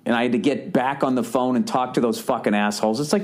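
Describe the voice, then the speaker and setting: A middle-aged man hosts a podcast, launching into a casual monologue that turns into a profane, worked-up rant. His voice sits at a medium pitch, and he talks fast with hardly any pauses.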